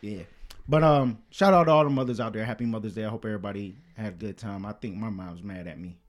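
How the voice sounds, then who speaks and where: A man's voice: lowish voice, fast. A young man hosting a podcast, telling loose, profane stories in a casual monologue and acting out the quotes. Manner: loose, profane, animated retelling with acted-out quotes. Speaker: podcast host.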